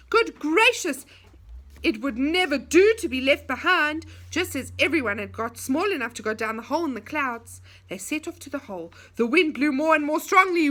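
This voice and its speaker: A woman reading a children's story aloud in an expressive, animated way. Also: high voice.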